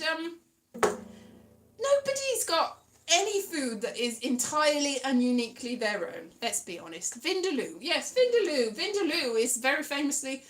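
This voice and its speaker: A woman's voice: fairly high pitch, a bit bright, roomy sound. A British woman rambling casually to camera, chatty and self-mocking, with frequent restarts and trailing asides. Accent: British English. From Britain. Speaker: vlogger.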